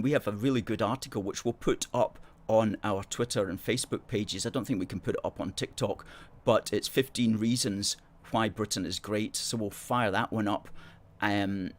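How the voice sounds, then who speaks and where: A man's voice: fairly low pitch, fairly even intonation, normal speed. A middle-aged man hosting a live stream, chatting casually and playfully as he reads out viewer comments. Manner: playful, chatty, self-mocking. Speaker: host.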